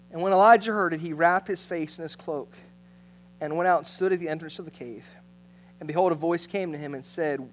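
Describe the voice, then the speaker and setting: A man preaching a sermon, moving between loud, emphatic passages and hushed, near-whispered ones. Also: on the high side, moderate pace, long pauses, slight background noise, poor audio. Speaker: pastor.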